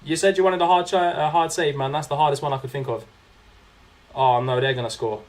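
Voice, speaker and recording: A man's voice: on the high side, steady tone, a little fast. A young man, chatting casually while commentating his own game on a live stream and answering viewers. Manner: chatty, reacting to the game and reading chat aloud.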